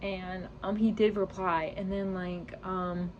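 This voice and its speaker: A woman's voice: fairly low pitch, little pitch movement, slow pace, darkish tone, dull audio, a little hiss or hum. A young woman telling a personal story to her channel, rambling and filling every gap with "like" and "you know", close to tears. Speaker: vlogger. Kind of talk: storytime vlog.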